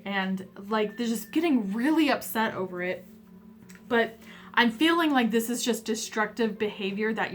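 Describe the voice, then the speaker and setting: A woman giving a pick-a-card tarot reading, emotional and hesitant, with many fillers, softly voicing messages from the other side. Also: mid-range voice.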